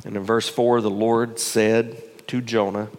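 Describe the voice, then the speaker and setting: A man's voice: on the low side, flat delivery, unhurried. A male pastor preaching a sermon to his congregation, building intensity with rhetorical questions. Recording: long hall reverb.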